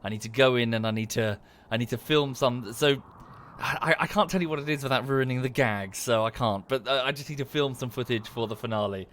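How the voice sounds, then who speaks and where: A man's voice: medium pitch, fairly quick, a bit bright, a little hiss or hum. A man chatting casually to viewers during a livestream, rambling and thanking them as he goes.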